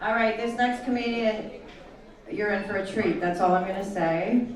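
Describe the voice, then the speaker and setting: A woman hosting an event, briskly introducing the next comedians. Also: mid-range voice. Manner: upbeat, brisk announcing. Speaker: event host. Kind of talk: introducing acts. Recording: echoey distant mic with loud crowd. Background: loud crowd and noise.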